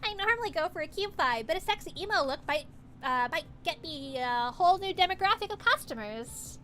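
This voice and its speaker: Excitable young maid cafe girl, voiced by a woman: high, bright, cute, quick to get defensive. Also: a little hiss or hum, exaggerated voice. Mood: excited.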